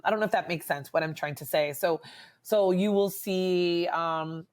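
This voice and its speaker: A woman psychologist speaking as a guest in a conversational interview, animated and full of fillers and tag questions. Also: lowish voice.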